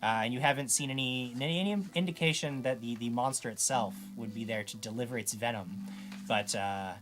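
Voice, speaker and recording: A man's voice: mid-range voice, a little fast, fairly bright tone. A man narrating as game master of a tabletop role-playing game, talking hesitantly with frequent restarts. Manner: hesitant, many restarts and ums.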